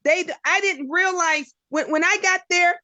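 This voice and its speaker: A woman's voice: very high voice, a little slow, sharp tone, no echo. A woman from the United States, a guest in a casual chat, telling stories in a blunt, emphatic way.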